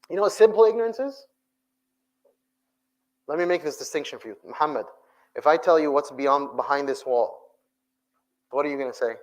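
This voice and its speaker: A man preaching to young people, lively, with rhetorical questions and phrases mixed into English. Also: fairly high pitch, fast talker, poor audio. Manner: animated, rhetorical questions, mixes English with Arabic. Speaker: sheikh giving a talk to young people. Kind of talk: sermon.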